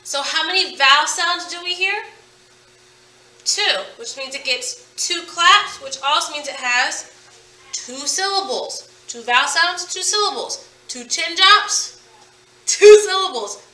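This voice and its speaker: A woman teaching a phonics lesson to children, sounding out words slowly and with emphasis. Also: very high-pitched, lively intonation, bright, forceful tone, distant mic. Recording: echoey room, voice from off-mic.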